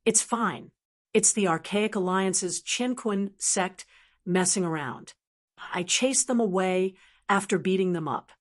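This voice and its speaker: A woman's voice: mid-range voice, measured pace, close to an everyday voice. A woman voicing a confident, brash young man who leads his group, read plainly in an audiobook. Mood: commanding. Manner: brash, commanding. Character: confident young male cultivator, group leader. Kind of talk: audiobook character reading.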